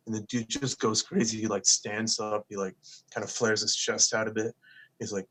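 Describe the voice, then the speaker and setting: A young man with a low voice tells a story in a relaxed co-host chat. He speaks in a flat, even way, swears freely and acts out what people said to him. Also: normal speed. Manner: laid-back, swears casually, quotes people in his stories.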